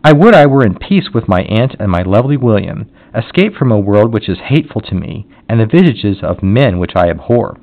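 Guy reading a grieving gentle young lady, earnest, muffled old-ish recording. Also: on the low side, sing-song, fairly quick, few pauses. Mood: sorrowful. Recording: dull lo-fi audio.

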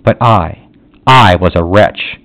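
Solemn low-voiced male narrator. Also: takes it slowly, fairly bright tone. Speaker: audiobook narrator. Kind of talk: scripted narration of a classic novel. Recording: dull lo-fi audio.

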